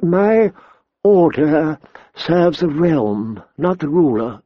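A man voicing a weary, elderly male court scholar in an audiobook, speaking slowly with a quavering, drawn-out delivery. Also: a little high, big pitch swings, no echo, highs cut off, pitched above the performer's own voice, heavily acted. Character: frail elderly male grand maester, weary and ponderous. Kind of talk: audiobook character voice.

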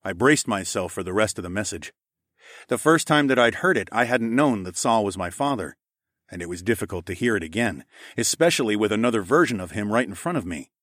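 A man with a lowish voice narrates a story in the first person, steady and matter-of-fact. The recording is close and dry, with no room sound. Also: brisk, no room sound. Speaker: audiobook narrator.

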